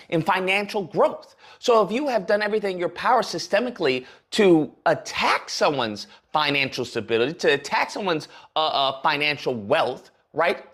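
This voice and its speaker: Male livestream commentator, heated and sarcastic, animated pitch, long rants. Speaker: political commentator.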